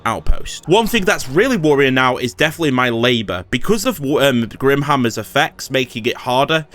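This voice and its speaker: A man's voice: mid-range voice, animated, moderate pace, a bit bright, faint music behind. A man giving casual, swearing commentary over his strategy game and talking back at the computer players. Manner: swears, talks to enemy AI lords in frustration. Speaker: gaming YouTuber.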